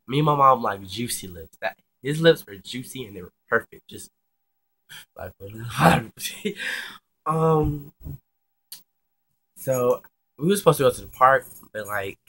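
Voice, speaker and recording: A man's voice: mid-range voice, animated, takes it slowly, pauses often, sharp tone. A young man casually telling a personal story, chatty and slangy with lots of swearing. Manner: chatty and slangy, swears freely, many fillers.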